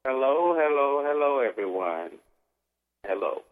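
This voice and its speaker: A man co-hosting a radio show, giving brief, low-key replies in casual chat. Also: expressive, measured pace. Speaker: co-host. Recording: echoey phone-line audio.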